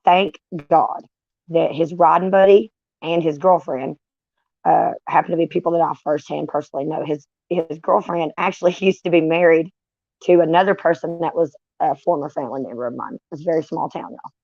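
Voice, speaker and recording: A woman, vlogging in a candid, profane way with dark humor. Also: low-pitched, fairly quick, gravelly, no room sound. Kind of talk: casual, unfiltered storytelling. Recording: dull, dry lo-fi sound.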